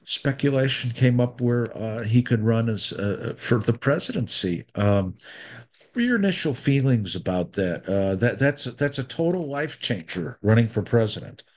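A man hosting a talk show, introducing his guest and asking questions in a halting way with many fillers. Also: mid-range voice, animated. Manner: halting, lots of fillers and restarts. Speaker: radio host.

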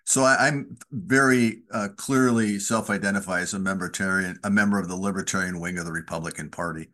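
A man's voice: low voice, brisk. A man from Wisconsin, a former congressman, talking candidly in an interview and telling anecdotes. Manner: candid, anecdotal, lively storytelling. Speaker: former congressman, podcast host guest. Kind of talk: conversational interview.

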